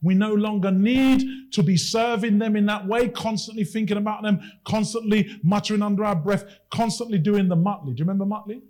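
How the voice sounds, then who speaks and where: A man's voice: sits high, steady tone, brisk, few pauses, a little mellow. A man preaching a sermon, impassioned and emphatic, with lots of repetition.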